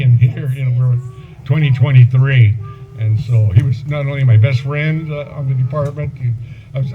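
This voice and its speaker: A man in his seventies giving a eulogy for an old friend at a memorial gathering, rambling through anecdotes with chuckles and fillers. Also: medium pitch. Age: 70s. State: voice breaking with emotion at times. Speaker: eulogy speaker, old friend and former police partner. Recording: muffled event recording with loud background noise.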